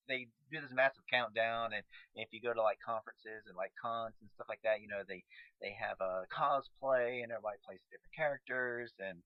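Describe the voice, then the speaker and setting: A man's voice: mid-range voice, no echo. Effusive male host, dull dry sound. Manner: effusive, quick to laugh. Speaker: talk show host. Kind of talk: interview conversation.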